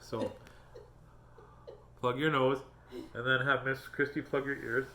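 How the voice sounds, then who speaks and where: A man's voice: medium pitch, flat delivery, a little slow, pushed and bright, a little hiss or hum. A man reading children's books aloud as host, with playful, joking asides. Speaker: children's book reader and host. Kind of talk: reading aloud and casual chat. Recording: echoey room.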